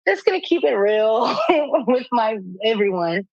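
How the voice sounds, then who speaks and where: A woman co-hosting a podcast who tells a story in a casual chat, animated and profane, laughing often as she talks. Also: on the high side, unhurried, dry recording, lo-fi sound. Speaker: podcast co-host.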